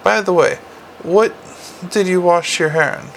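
A man's voice: high voice, measured pace, creaky, slight background noise, voice pushed up. A man voicing a prying, coaxing young vampire policewoman in an audiobook. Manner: probing, coaxing.

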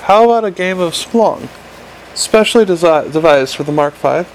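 A man voicing a small male imp living in a pocket gadget, talking fast and pleading eagerly. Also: high voice, expressive, slight background noise, voice pushed up, poor audio.

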